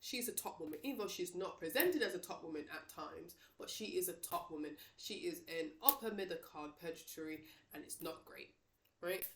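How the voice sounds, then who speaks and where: A woman's voice: fairly low pitch, fairly quick, echoey room, noisy background. A woman giving a casual, emphatic opinion monologue on wrestling, talking straight to her viewers. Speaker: wrestling commentator.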